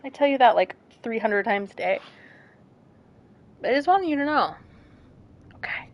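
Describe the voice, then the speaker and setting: Lively high-voiced woman streamer. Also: unhurried, dull audio. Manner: chatty, self-deprecating, bursts of excited squeals. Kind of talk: casual gameplay commentary.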